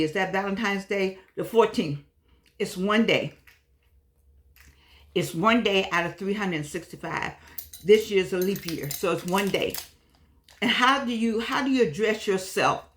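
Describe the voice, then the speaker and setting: An older woman hosting her own video talk, chatting casually and repeating herself, calling viewers pet names like darlings and sugar pies, a little frustrated today. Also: mid-range voice. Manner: warm-hearted, repetitive, pet names for viewers. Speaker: vlog host.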